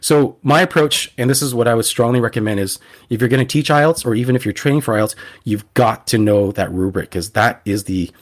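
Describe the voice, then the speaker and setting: A man's voice: mid-range voice, a little fast. A man, a guest teacher on a podcast interview, earnestly giving advice and often repeating words as he restarts.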